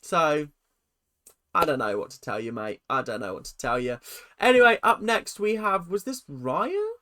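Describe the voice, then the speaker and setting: Animated, sarcastic ranter. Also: moderate pace. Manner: animated, sarcastic, jumping pitch. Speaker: YouTube commentator. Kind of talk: ranting reality-TV ranking commentary.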